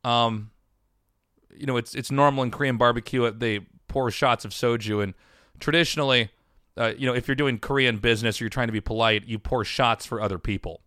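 A man's voice: mid-range voice, fairly even intonation, brisk, pushed and bright, no room sound, studio quality. A man telling a long personal story in casual chat, rambling with restarts and swearing.

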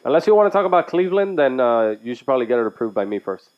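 A brash man co-hosting a podcast, joking around and cursing freely. His voice sits mid-pitch. The recording is a bit muffled and lo-fi. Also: big pitch swings, rapid-fire. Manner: brash, swears freely, jokey. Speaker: podcast co-host. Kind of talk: casual podcast banter.

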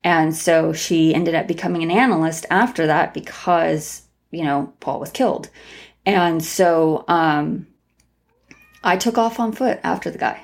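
Woman, low pitch, gravelly voice, rambling storyteller, podcast guest. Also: unhurried. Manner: rambling, many restarts and fillers. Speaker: guest, tarot reader and former crime analyst. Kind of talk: casual storytelling interview.

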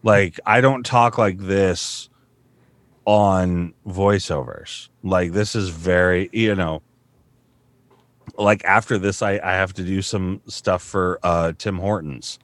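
A man in his thirties talks in a low, dry voice, rambling loosely and swearing freely. His self-mocking chat sits close on a dry mic with no room around it. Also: fairly even intonation, slow pace, no echo. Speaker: voice actor. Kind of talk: casual podcast chat. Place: home studio.

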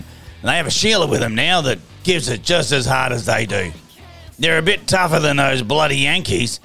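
A gravelly, bright-edged voice belongs to a crude, boozy Australian priest, put on by a man. He brags in broad slang, swears freely and hypes like a promo. Music sits faintly underneath. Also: mid-range voice. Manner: boastful, slangy, swears often. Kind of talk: comedy promo bit.

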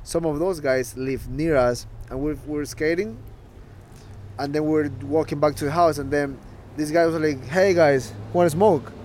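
A man's voice: fairly high pitch, fairly even intonation, normal speed, a little mellow, slight background noise. Ecuadorian-born man telling stories. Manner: rambling anecdotes with frequent swearing. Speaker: podcast co-host. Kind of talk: casual chat.

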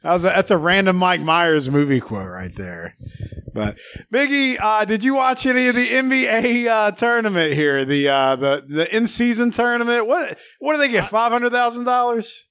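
A man's voice: high-pitched, animated, moderate pace, a bit bright, smooth, dry recording. A man hosting a casual sports podcast, rambling and laughing often. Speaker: podcast host.

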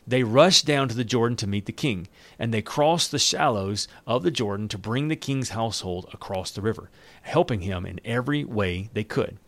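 A man's voice: on the low side, animated, moderate pace, no room sound. Dry-voiced man reading scripture aloud. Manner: reads scripture aloud, then retells it loosely in everyday words. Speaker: Bible reader and teacher. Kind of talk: Bible reading with casual commentary.

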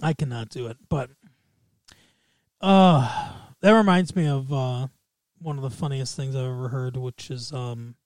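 A man's voice: medium pitch, measured pace, no echo. A man co-hosting a podcast in casual chat, laughing often and rambling playfully. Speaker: podcast co-host.

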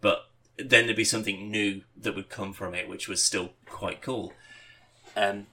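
A man's voice: on the low side, fairly even intonation, unhurried, pushed and bright, slight background noise. A man hosting a podcast, telling rambling anecdotes with lots of fillers and swearing. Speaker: podcast host. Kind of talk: casual chat.

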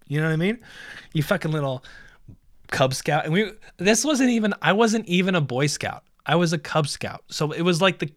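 A man's voice: on the high side, fairly bright tone, dry recording, studio quality. A young man hosting a podcast, telling profane, rambling stories in a casual solo monologue. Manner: profane, rambling storytelling with laughs. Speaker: podcast host.

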